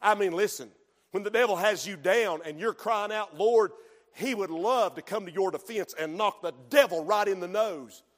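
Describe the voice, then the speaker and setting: A middle-aged man preaching a sermon as pastor, dropping to hushed storytelling and rising to shouted exhortation. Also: sits high, moderate pace. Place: church sanctuary. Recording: long reverb of a church hall.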